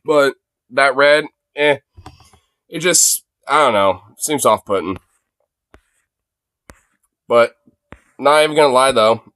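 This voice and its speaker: A man's voice: mid-range voice, lively intonation, slow, long pauses, a bit bright, no room sound. A man hosting a livestream, reacting to videos in casual, profane commentary, laughing often and mocking.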